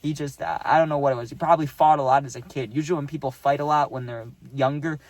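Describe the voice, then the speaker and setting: A young man casually telling a storytime, rambling and dropping "right?" and "dude" as he goes, acting out quotes in animated voices. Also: fairly high pitch, fast talker, no room sound.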